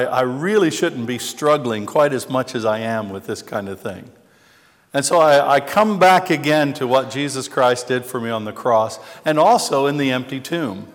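A male pastor giving a chatty, humorous sermon, telling stories about himself with frequent restarts. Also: mid-range voice. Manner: chatty, self-deprecating storyteller with many restarts. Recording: long hall reverb.

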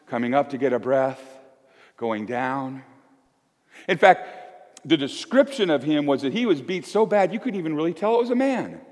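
A man in his fifties preaching a sermon as pastor, conversational and swinging between loud emphasis and hushed asides. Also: on the high side, big-room sound. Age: 50s. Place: church.

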